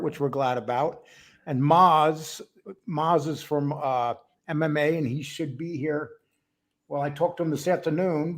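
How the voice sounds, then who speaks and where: Chatty man hosting a live stream. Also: a little high. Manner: chatty, greets viewers by name one after another. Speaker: host of a live stream show. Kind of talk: casual live-stream chat.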